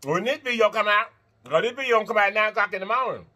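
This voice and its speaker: A man hosting an eating-show vlog, chatting to viewers between bites, animated and quick to laugh. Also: sits high. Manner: animated, talks straight to viewers, laughs and chants; talks while eating and blowing on hot food. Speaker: mukbang host.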